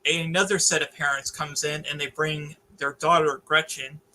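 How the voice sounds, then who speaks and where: A man's voice: on the high side, level tone, normal speed, sharp tone, slight background noise, low-quality recording. A man co-hosting a book club podcast, talking through a novel in a hesitant, casual way with many restarts. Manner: hesitant, lots of fillers and restarts. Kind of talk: casual chat about a novel.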